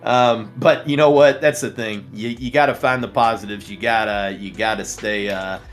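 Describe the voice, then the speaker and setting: A man's voice: lowish voice, fairly even intonation, moderate pace, soft background music. A man hosting a live trading stream, chatting casually and reading out viewer comments, laughing often and rambling with many restarts. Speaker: livestream trading show host.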